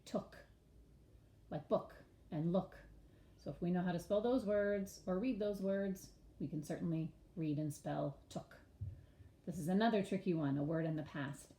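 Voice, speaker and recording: A woman teaching young children their sight words, spelling each word letter by letter in a patient, expressive way. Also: lowish voice, normal speed, reverberant. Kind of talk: early-grades reading lesson.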